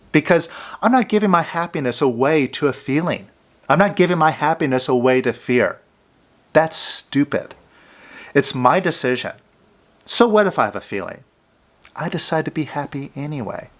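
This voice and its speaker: A man giving a calm self-help talk, coaching the listener directly and sometimes dropping to a soft, hushed voice. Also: fairly high pitch, moderate pace, long pauses. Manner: drops to a soft near-whisper on "I love you, fear".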